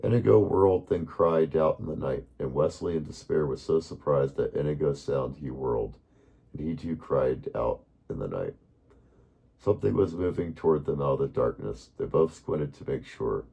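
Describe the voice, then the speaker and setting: A man reading a bedtime story aloud in a calm, unhurried way, now and then correcting himself. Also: extremely low pitch, creaky, slightly rough.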